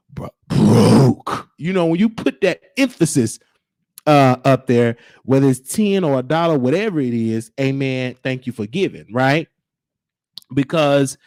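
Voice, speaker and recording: A man's voice: medium pitch, a little mellow, dry recording. A man hosting his own show, talking in an emphatic, preachy way and repeating his points. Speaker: show host. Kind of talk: casual livestream monologue. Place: Texas.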